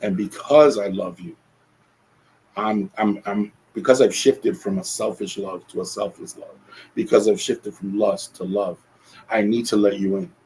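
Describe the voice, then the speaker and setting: A man's voice: on the low side, fairly even intonation, measured pace, a little mellow, poor audio. A man hosting a solo podcast, talking earnestly and reflectively, often restarting his phrases. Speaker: podcast host.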